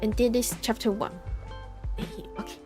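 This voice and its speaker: A woman's voice: a little high, steady tone, unhurried. A woman streamer reading a book aloud, breaking off for giggly, chatty asides and stumbling over hard names. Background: soft lo-fi music.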